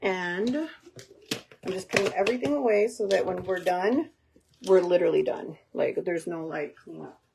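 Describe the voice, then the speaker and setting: A woman's voice: on the low side, normal speed, vocal fry, noisy background. A woman hosting a casual live cooking stream from her home kitchen, chatting with viewers and dropping in Spanish words. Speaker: cooking livestream host.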